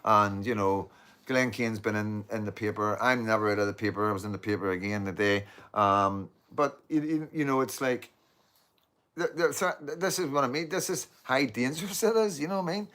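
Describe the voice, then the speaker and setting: An online show host from Northern Ireland rambles casually to his viewers from home, swearing and repeating "you know what I mean." His voice is fairly low, a bit bright, and a little fast, and dogs can be heard in the background.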